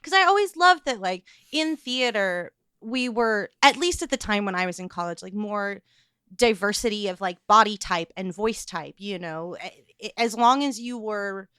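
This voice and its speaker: A woman's voice: medium pitch, animated, moderate pace, a bit bright, clean tone, no echo, clean studio sound. A woman in her thirties with a Midwestern accent and a slight lisp, co-hosting a podcast in a chatty, theatrical way. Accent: Midwestern American. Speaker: podcast co-host. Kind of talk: casual podcast chat.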